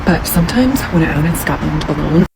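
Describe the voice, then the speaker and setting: A woman's voice: low voice, expressive, brisk, gravelly, background noise. A woman with an American accent making a sheepish, rambling confessional vlog on her phone outdoors.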